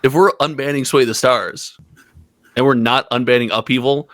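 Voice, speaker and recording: A man's voice: mid-range voice, steady tone, moderate pace, a bit bright, no echo. A man in casual podcast chat, playfully teasing and ribbing the others.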